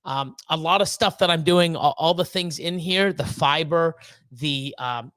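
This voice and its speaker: Rambling high-voiced man on a livestream. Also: measured pace, fairly bright tone, no room sound. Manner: rambling, many fillers and restarts, swears freely. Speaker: livestream host. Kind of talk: casual livestream chat.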